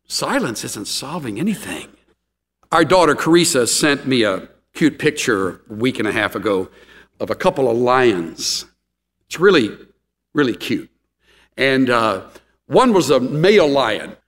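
A middle-aged man preaching a sermon, animated, acting out quotes with gasps and laughs. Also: medium pitch, in a large hall. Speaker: pastor.

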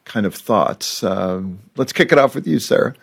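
A man's voice: on the low side, lively intonation, moderate pace, vocal fry, husky. A man hosting an interview show, asking probing questions in a conversational way with frequent fillers. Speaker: talk show host.

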